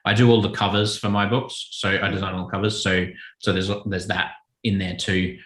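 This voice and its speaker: A man speaks in a fairly low voice with a forceful, bright edge, recorded with plenty of room echo. He talks through his answers thoughtfully, often restarting and rephrasing as he goes, in a relaxed interview manner. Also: a little fast. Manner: thoughtful, self-correcting, relaxed. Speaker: children's author and illustrator. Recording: echoey room.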